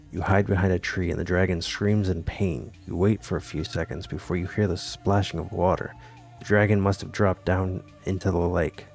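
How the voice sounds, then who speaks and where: A man reading a text adventure game aloud and adding wry, deadpan comments between lines. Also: deep voice. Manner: wry, deadpan asides with laughs. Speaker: gamer playing a text adventure.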